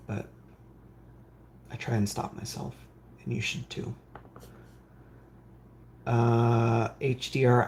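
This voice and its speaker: A man's voice: fairly low pitch, vocal fry, a little mellow, slight background noise. Rambling man reading chat on stream. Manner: reads viewer comments aloud and answers them; rambling, with frequent fillers. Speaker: streamer building game consoles. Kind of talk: casual live-stream chat.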